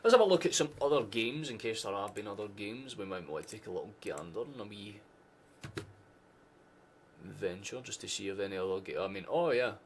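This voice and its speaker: This is casual live match chat from a Scottish man running a football watchalong, who swears often and throws in sarcastic remarks. His fairly low voice sounds expressive and brisk over slight background noise.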